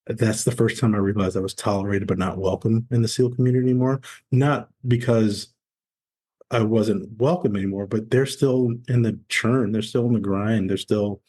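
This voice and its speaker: A low, husky-voiced man, a former Navy SEAL appearing as a podcast guest, tells his story in a conversational interview. He's candid and animated, acting out quoted dialogue.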